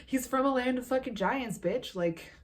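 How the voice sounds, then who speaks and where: A woman's voice: a little high, normal speed, voice pushed up, lightly acted. A woman voicing a blunt, profane teenage best friend who mocks her friend's woes. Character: blunt brash teen girl best friend.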